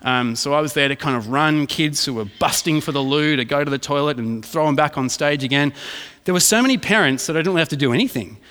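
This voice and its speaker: A man's voice: a little high, fast, fairly bright tone. A man, a pastor preaching a sermon in a casual storytelling way, often checking in with "right?". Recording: reverberant hall.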